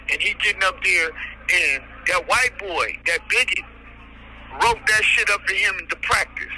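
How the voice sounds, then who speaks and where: A man's voice: sits high, sharp tone, a little hiss or hum, low-quality recording. A man giving a heated, profane monologue about his own court case. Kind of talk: angry monologue.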